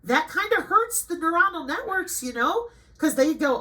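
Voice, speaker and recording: A woman's voice: extremely high pitch, moderate pace, few pauses, poor audio. A middle-aged woman hosting her own channel, reading a list of items aloud and breaking off into sarcastic, scolding commentary. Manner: scolding and sarcastic, jumping between flat reading and emphatic outbursts. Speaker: channel host.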